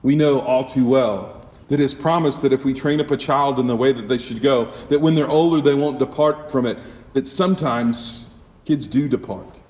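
A man's voice: medium pitch, normal speed, darkish tone. A man preaching a sermon as a pastor, conversational, with rhetorical questions and frequent self-corrections. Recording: echoey hall, mic at a distance.

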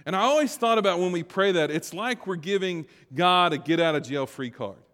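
A man preaching a conversational sermon, moving between quiet reflective passages and louder emphatic stretches. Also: high voice, animated, brisk. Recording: long hall reverb.

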